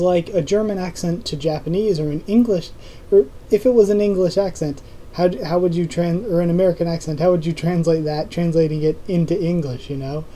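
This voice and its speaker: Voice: medium pitch, warm tone, slight background noise, low-quality recording. A young adult YouTube host chatting casually through viewer comments, rambling with many ums and self-corrections. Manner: rambling, full of ums and restarts.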